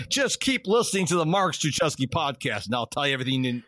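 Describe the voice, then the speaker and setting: A middle-aged man hosts a podcast in casual conversation. His voice sits fairly high and moves a lot as he acts out the people in his stories. The sound is close and dry. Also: no room sound. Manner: animated storyteller who acts out quoted dialogue. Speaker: podcast host.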